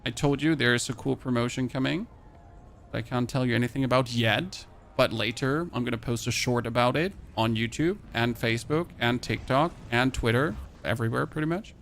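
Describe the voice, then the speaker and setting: A man's voice: medium pitch, fairly quick, creaky, fairly bright tone, a little hiss or hum. A chatty man from Germany with a light German accent, streaming a game and rambling as he plays. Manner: chatty, rambling, thinks aloud while playing. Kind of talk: casual live-stream chat.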